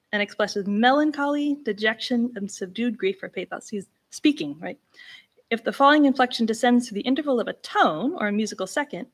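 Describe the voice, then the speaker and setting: A woman giving an academic lecture-recital, talking casually with restarts and breaking into sliding, exaggerated inflections to demonstrate old speech styles. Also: medium pitch. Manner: demonstrates speech inflections with sung-like slides and exclamations; conversational, with restarts. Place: lecture room.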